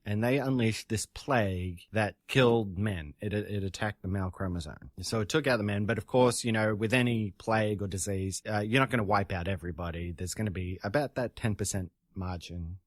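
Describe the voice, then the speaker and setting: A man's voice: on the low side, fairly quick, few pauses, dry recording, clean studio sound. A man from Australia with an Australian accent, co-hosting a podcast and recapping a TV episode in an easygoing, casual way. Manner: easygoing, chuckles between points. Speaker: podcast co-host.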